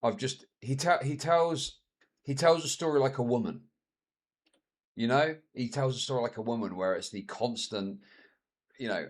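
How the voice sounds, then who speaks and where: A man streaming, reacting to a video with crude, sarcastic commentary that swings between mutters and loud outbursts. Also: medium pitch, moderate pace.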